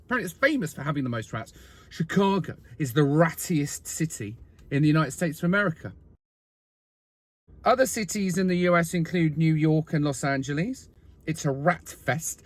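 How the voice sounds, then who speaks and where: Sweary high-voiced man. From London, England. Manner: sweary, animated, jokey asides. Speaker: video host. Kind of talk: comic fact-list monologue.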